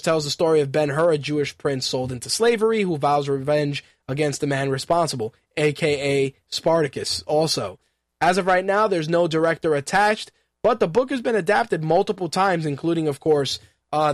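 A man in his thirties runs a radio talk show and chats through the news in a loose, joking way, stumbling over words and filling gaps as he goes. His voice sits a little higher than most men's. The sound is dry and close, with no room around it. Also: dry recording. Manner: offhand and joking, with frequent fillers and restarts. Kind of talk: casual news commentary.

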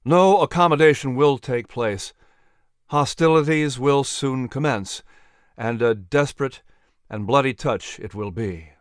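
A man doing a solemn colonial orator in a historical audio drama, mid-pitched and measured. He speaks with weighty, rhetorical conviction, recorded close and dry. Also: clear, resonant tone, no room sound, natural voice. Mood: grave. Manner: solemn, then impassioned rhetoric. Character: grave, fiery colonial orator and statesman.

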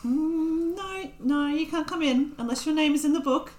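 A woman's voice: sits high, normal speed, darkish tone, echoey room, pitched above the performer's own voice, lightly acted. A woman voicing an old female gnome gatekeeper who is prim and officious in a tabletop game. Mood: stern.

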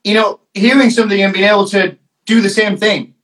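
A man's voice: high voice, fairly even intonation, fairly quick, fairly bright tone, low-quality recording. A man with a northern English accent, chatting casually and playfully as a DJ on a podcast. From England.

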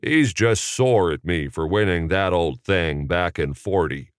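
A man's voice: low voice, unhurried, smooth, no echo, studio quality. A man voicing a folksy, drawling middle-aged movie star with a hesitant manner. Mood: genial. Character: Jimmy Stewart impression, folksy stammering middle-aged man.

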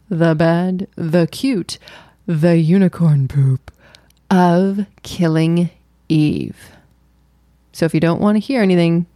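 A woman's voice: lowish voice, creaky, a little mellow, dry recording, studio quality. A woman co-hosting a podcast, chatting casually and teasing her co-host playfully. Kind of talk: casual chat.

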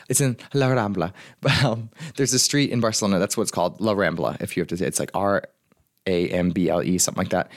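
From his apartment, a young life coach from the United States chats solo in a rambling, filler-heavy way. His fairly low voice comes through with a dry, clean studio sound.

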